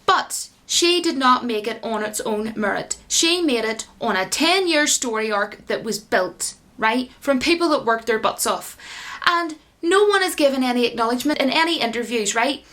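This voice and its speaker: A woman gives an indignant vlog rant, her high voice full of animated outrage. She talks straight to her viewers and keeps piling up complaints. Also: normal speed. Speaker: YouTube commentator. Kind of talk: ranting vlog commentary.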